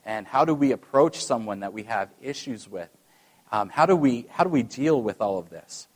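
A man's voice: mid-range voice, lively intonation, normal speed, breathy edge. A man preaching a sermon as pastor, talking conversationally and addressing the congregation directly, with some self-deprecating remarks.

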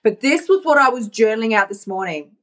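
A woman life coach giving a casual, animated motivational talk into her phone, chatting and laughing often. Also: a little high, a little fast. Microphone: talking into her phone.

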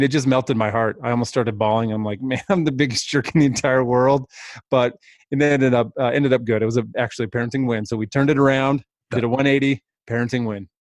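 A man's voice: medium pitch, no echo. A man in his thirties casually telling a rambling, self-deprecating story as a podcast co-host.

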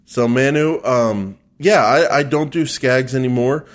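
A man's voice: mid-range voice, a little slow. A man co-hosting a podcast, joking with his partner, then explaining search ads steadily with some fillers. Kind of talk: casual podcast chat and explanation.

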